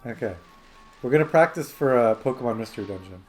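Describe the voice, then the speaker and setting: Lively rambling male streamer. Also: medium pitch, fast, soft background music. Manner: rambling storyteller, heavy 'like' fillers. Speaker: streamer host. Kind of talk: casual chat while gaming.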